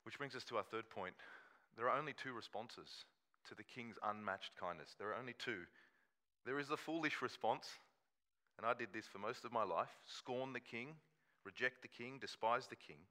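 A man delivers a sermon, chatty and story-driven, and jumps into voices when he quotes people. His tone is bright and forward, and his pitch sits in a middle range for a man. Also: moderate pace. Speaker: pastor.

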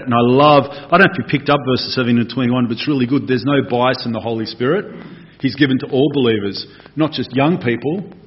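A man preaching a conversational, animated expository sermon. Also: medium pitch, a little fast. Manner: animated, conversational, acts out voices. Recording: dull lo-fi recording.

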